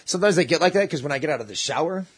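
A man's voice: a little high, lively intonation, racing, husky. A man telling a long, profane, slangy story in casual chat, acting out the voices of the people in it.

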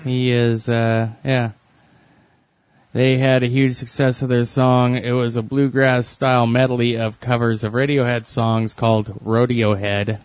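A man's voice: mid-range voice, unhurried, clear, resonant tone, dry recording. Chatty man, dry close recording. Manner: chatty, trivia-sharing, relaxed. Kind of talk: casual comedic chat.

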